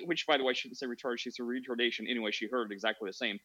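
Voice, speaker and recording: A man's voice: mid-range voice, racing, bright, forceful tone, highs cut off. A man hosting a podcast, joking around and telling a rambling story in casual chat. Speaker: podcast host.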